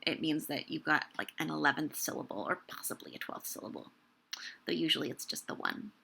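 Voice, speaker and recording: A woman's voice: on the low side, gravelly, fairly bright tone. A woman giving a casual lesson on verse meter, chatty with many fillers, reading lines aloud and tapping out the stressed beats. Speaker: educator explaining verse meter.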